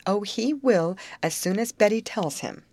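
A woman reading the part of a calm young friend, speaking in a soothing, reassuring way. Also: medium pitch, unhurried, no room sound, voice pushed up.

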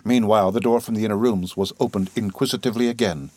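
A man narrating a classic novel in a steady, measured reading that slows over grim details. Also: on the low side, dry recording. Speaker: audiobook narrator. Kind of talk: scripted literary narration.

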